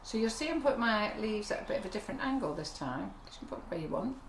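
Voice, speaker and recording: A woman's voice: medium pitch, animated, fast. A woman running a live cake decorating demonstration, chatty and teasing. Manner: chatty, teasing, laughs often. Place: kitchen. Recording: echoey kitchen with background noise.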